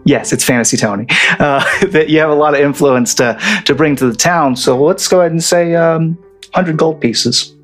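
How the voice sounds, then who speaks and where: A man's voice: on the high side, normal speed, soft background music, lightly acted. A man voicing a greedy male town guard who haggles over a bribe in a tabletop game. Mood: bargaining.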